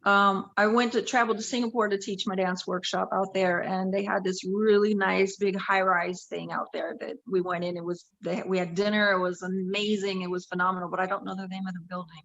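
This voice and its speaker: A woman guest on a remote interview, telling stories in a casual, animated way and laughing often. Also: medium pitch, brisk, gravelly, few pauses, muffled recording.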